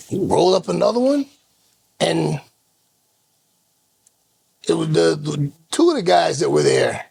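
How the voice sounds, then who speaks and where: A man with a high, gravelly voice tells a story in loose podcast chat. He slips into other people's voices as he goes. The sound is close and dry. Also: a little slow, pauses often, dry recording. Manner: animated storyteller, acts out voices. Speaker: co-host.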